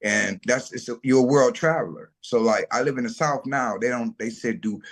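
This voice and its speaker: A man's voice: mid-range voice, moderate pace. A middle-aged man telling his food business story in a casual interview, acting out the voices of people he quotes. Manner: animated storyteller, acts out quotes, slangy. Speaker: food truck owner, guest.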